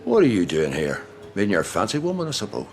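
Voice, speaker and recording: A man's voice: on the low side, huge pitch swings, fast talker, darkish tone, faint music behind. An actor playing a blunt, mocking older grandfather in a sitcom. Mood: scornful. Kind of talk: sitcom acting.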